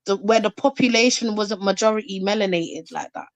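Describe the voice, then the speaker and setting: A woman's voice: medium pitch, brisk, dry recording. A woman speaking bluntly on a livestream panel, in slang with swearing. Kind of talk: casual livestream chat.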